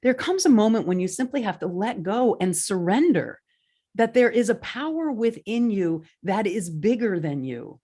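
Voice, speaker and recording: A woman hosting a podcast, speaking in an earnest, inspirational monologue with animated storytelling. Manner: earnest, animated storytelling with lively pitch swings. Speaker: podcast host.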